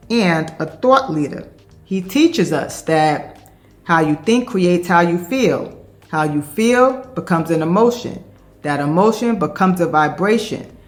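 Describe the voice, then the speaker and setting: A woman's voice: on the low side, fairly bright tone. Woman narrating a documentary story. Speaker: host and narrator. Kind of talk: scripted narration.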